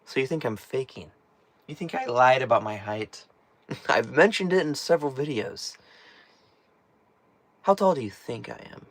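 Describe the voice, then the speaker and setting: A man with a lowish voice hosts a casual live-stream chat inside a small tiny house, reading messages from his audience. He's chatty and jokey, laughs often, and his voice cracks at times. The recording has no echo.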